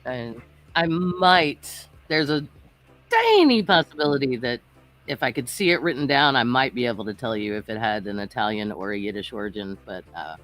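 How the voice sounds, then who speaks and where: A woman's voice: a bass voice, lively intonation, moderate pace, a bit bright. A woman hosting a casual chat over a video call, hesitant and self-mocking, breaking into laughs as she talks.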